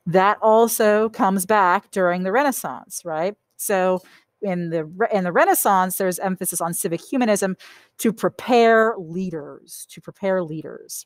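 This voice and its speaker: A woman with a mid-range voice gives a recorded art history lecture in a conversational style, with no echo. She often checks in with "okay?" and "right?" and repeats key points for emphasis.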